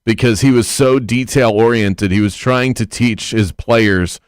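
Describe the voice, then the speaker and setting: Low-voiced, opinionated sports radio host. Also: male voice, a little slow, clean tone, no echo, studio quality. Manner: opinionated, wry, tangents into stories. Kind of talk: sports talk radio banter. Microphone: studio microphone.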